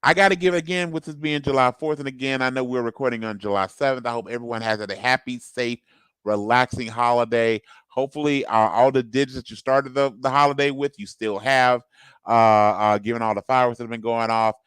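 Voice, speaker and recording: A man's voice: medium pitch, fairly even intonation, a little fast, a bit bright, smooth, no echo, poor audio. A man co-hosting a casual podcast, who thinks aloud with restarts and upbeat asides. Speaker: co-host.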